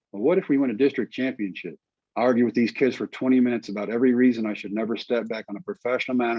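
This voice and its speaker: A man's voice: mid-range voice, slightly rough, no echo. A middle-aged man from Texas telling a personal story in conversation, acting out the lines of the people in it. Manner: animated storyteller acting out dialogue. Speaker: guest storyteller. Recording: dull dry recording.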